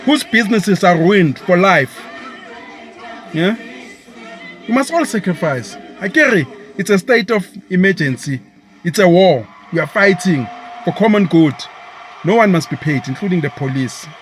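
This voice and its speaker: A man's voice: sits high, lively intonation, unhurried. A man with a South African accent delivering an impassioned, scornful political rant, mixing isiZulu words into his English.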